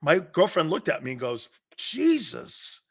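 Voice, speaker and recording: A man hosting a sports talk show holds forth with blunt, animated opinions. His voice sits fairly high for a man and swings widely in pitch. He sounds middle-aged and tells stories with loud bursts and sudden drops. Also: moderate pace.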